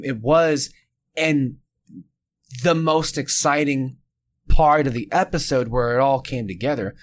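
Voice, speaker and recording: A man co-hosting a podcast, chatting casually and ranting with animated annoyance. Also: fairly high pitch. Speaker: podcast co-host.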